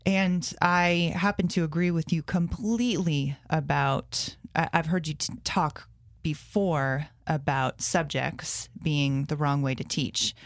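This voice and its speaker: A woman's voice: sits low, takes it slowly, no room sound, studio quality. A woman, a homeschool mom and classroom teacher, talking earnestly in a casual conversation and thinking aloud as she goes.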